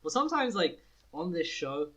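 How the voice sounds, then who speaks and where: A young man co-hosting a podcast in casual chat, animated and laughing often, who swears freely and acts out quotes. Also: a little high, normal speed, low-quality recording. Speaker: podcast co-host.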